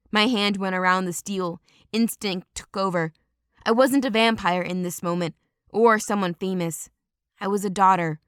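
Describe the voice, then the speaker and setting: A woman narrating a first-person audiobook in a steady, dramatic storytelling manner. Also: mid-range voice, clean tone, no room sound, clean studio sound.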